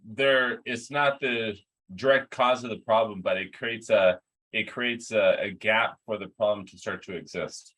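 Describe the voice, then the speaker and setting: A man's voice: fairly low pitch, measured pace, a bit bright. A man hosting a podcast in casual conversation, hesitant and searching for words as he talks. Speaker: podcast host.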